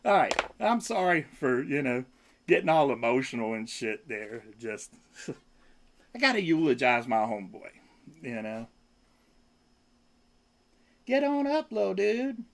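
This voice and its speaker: A man's voice: medium pitch, big pitch swings, normal speed, a bit bright. A laid-back man hosting a casual home livestream, chatting and cooing at his pet in baby talk. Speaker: livestream host. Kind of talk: casual chat.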